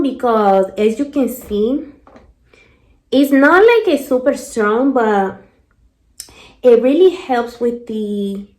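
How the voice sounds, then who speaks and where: A woman's voice: a little high, a little mellow, voice pushed down. A woman voicing a chatty female salon stylist with a Spanish accent, rambling and dropping Spanish fillers. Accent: Spanish-accented English. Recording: roomy echo.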